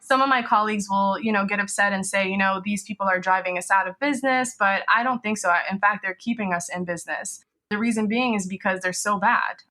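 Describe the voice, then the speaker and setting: A woman's voice: mid-range voice, fairly quick, few pauses, pushed and bright. A woman business lawyer, a podcast guest, explaining legal risks in a conversational way, often adding "you know" and "right?".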